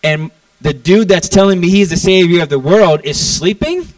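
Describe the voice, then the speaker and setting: A young man from Florida preaching a casual, animated sermon and acting out the lines he quotes. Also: high voice, moderate pace, dry recording, distant mic, poor audio. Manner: animated, acts out quotes in a raised voice. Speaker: pastor.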